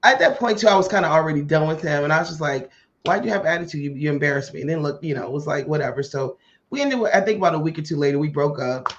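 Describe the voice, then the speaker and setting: A woman hosting a podcast tells a personal story in a casual way and acts out the dialogue with lively voices. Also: low-pitched, racing. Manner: animated, acts out quoted dialogue. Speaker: podcast host. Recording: muffled lo-fi audio.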